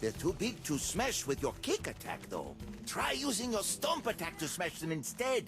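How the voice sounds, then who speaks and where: A man's voice: sits high, huge pitch swings, moderate pace, over music, exaggerated voice. A man voicing a video game ally who gives instructions and combat tips in a coaching way. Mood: urging.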